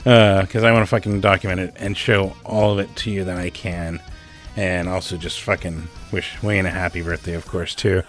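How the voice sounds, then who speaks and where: A man hosting a casual show about local music, excited, swearing often and laughing between thoughts. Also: low voice, normal speed. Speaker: host. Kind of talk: casual podcast chat. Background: music underneath.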